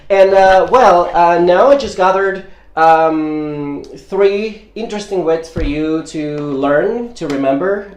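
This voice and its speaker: A man's voice: fairly high pitch, a little mellow. Man teaching English, saying "okay?" a lot. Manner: explains slowly, repeats "okay?" after each point. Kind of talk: casual video lesson. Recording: echoey room.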